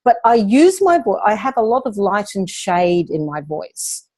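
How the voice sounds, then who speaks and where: Calm, measured woman coaching speakers. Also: breathy edge. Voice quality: lowish, resonant speaking voice. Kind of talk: coaching Q&A session.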